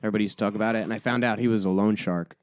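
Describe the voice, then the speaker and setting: A man's voice: fairly low pitch, steady tone, rapid-fire, no room sound, studio quality. Joking young man on a podcast. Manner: joking, rambling storyteller with restarts. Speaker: podcast co-host. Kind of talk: casual chat.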